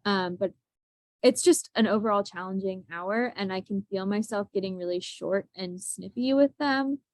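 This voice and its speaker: A young woman teacher speaks openly and with self-deprecating humor, often breaking into a laugh. Her voice sits at an ordinary middle pitch. The recording is close and dry, with no room echo. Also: normal speed. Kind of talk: casual group discussion.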